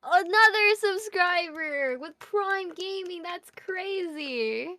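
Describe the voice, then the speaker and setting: A woman's voice: very high-pitched, takes it slowly, no echo. A woman co-hosting a livestream in casual chat, playful and teasing. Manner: playful and teasing, very lively intonation. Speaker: stream co-host.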